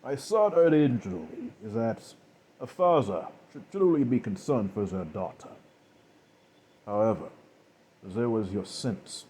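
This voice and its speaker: A man voicing a calm, cold, contemptuous killer who speaks slowly and with measured mockery. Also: on the low side, a little hiss or hum. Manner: slow, measured, coldly mocking.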